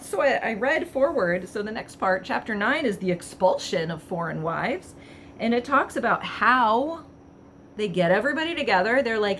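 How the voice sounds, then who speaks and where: A woman casually reading passages aloud and commenting on them with wry amusement, thinking out loud with fillers. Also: on the high side, sing-song, normal speed, a little hiss or hum. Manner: wry, chatty, laughs at the text. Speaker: vlogger.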